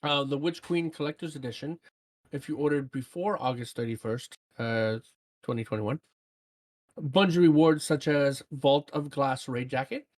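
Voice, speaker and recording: Woman, gaming podcast co-host, casual chat, animated, reads listener comments aloud. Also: very deep voice, moderate pace. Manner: animated, jumps to excited shouts.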